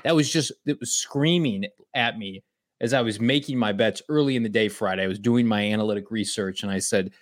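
A man's voice: on the low side, a little fast, no room sound, studio quality. Brash, swearing male sports-betting co-host. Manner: brash, profane, boastful banter. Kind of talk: casual sports betting chat.

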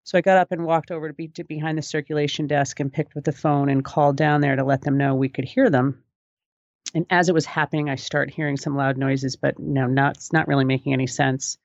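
A woman tells her story in a brisk, matter-of-fact way, and her voice has a gravelly, fry-laden edge. The recording sounds dull and lo-fi, and it is dry with no room around the voice. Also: low voice, steady tone, no echo. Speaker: former school library clerk, interviewee. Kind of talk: personal recollection in an interview.

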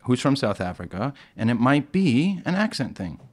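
A man's voice: medium pitch, sing-song, moderate pace. A man from Iran hosting a podcast, needling his guest in a teasing, playful way. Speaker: podcast host. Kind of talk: casual podcast chat.

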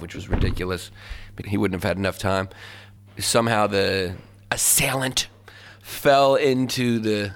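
Low-voiced comedian telling a story casually. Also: male voice, fairly bright tone. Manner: loose, laughing, filler-heavy recounting. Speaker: stand-up comedian.

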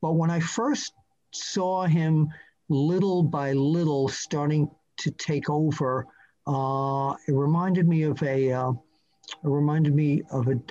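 A man's voice: fairly high pitch, darkish tone. Older New man, interview guest, rambling anecdotal storyteller, muffled lo-fi sound. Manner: rambling, anecdotal, with many fillers and restarts. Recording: muffled lo-fi audio.

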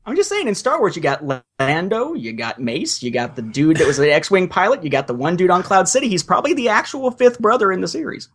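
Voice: mid-range voice, very animated, a little fast, hardly any pauses, a bit bright, husky. A podcast co-host in casual chat, joking and playful.

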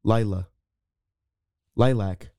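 Mellow, smooth-voiced young man rambling. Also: on the low side, steady tone, drawn-out words, no echo, clean studio sound. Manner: rambling, restarts often, playful banter. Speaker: podcast co-host. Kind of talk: casual movie review chat.

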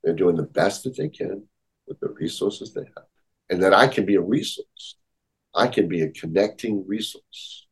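Low, slightly husky male therapist guest; earnest, reflective, repeats key phrases. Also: normal speed, low-quality recording. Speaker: therapist and author, podcast guest. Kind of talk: conversational interview.

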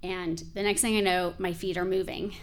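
A woman's voice: on the low side, little pitch movement, moderate pace. A woman in her forties telling a personal story in a candid, conversational way, with frequent filler words.

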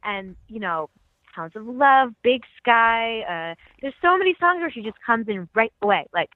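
A woman's voice: on the high side, lively intonation, moderate pace, no room sound. A woman co-hosting a podcast, chatting eagerly about music with lots of fillers and light laughs. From California. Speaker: podcast co-host. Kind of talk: casual chat about music. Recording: thin phone-like dry sound.

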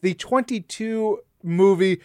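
A man co-hosting a podcast, chatting playfully and reading out listener comments with big jumps in pitch. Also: takes it slowly, warm tone, no echo, clean studio sound. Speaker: podcast co-host.

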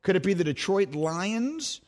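Lively high-voiced male radio host. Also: measured pace. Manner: playful, teasing, self-mocking game-show patter. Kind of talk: call-in show banter.

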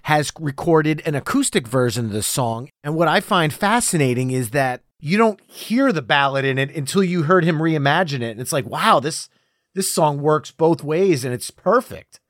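Enthusiastic middle-aged podcast host, fairly high voice. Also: male voice, animated, normal speed, fairly bright tone, no room sound, clean studio sound. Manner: enthusiastic fan, friendly. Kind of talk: casual podcast chat.

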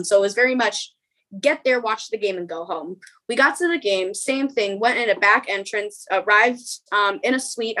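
A young woman, a podcast guest, telling a story in a rapid, emotional way, with many ums and quoted dialogue. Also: fairly high pitch, fairly bright tone, rough recording.

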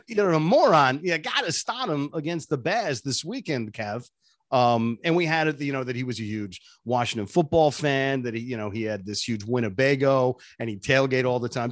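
A man who is a radio personality, telling stories as an interview guest in an animated way and laughing often. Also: mid-range voice, no room sound, clean studio sound. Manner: animated, laughs often, jumps between voices. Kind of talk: casual interview storytelling.

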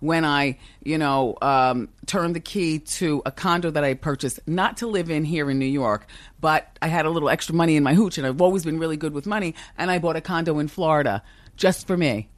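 A woman's voice: low voice, fairly quick, no echo. A woman in her fifties with a strong, commanding voice, talking candidly and emphatically in an interview, often laughing. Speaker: talk show host as podcast guest. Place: office with a kitchen upstairs.

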